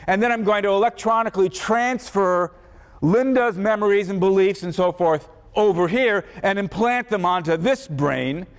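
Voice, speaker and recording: A man voicing an evil adult male mad scientist who explains his scheme slowly, in an echoey lecture hall. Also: sits high, smooth. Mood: explaining.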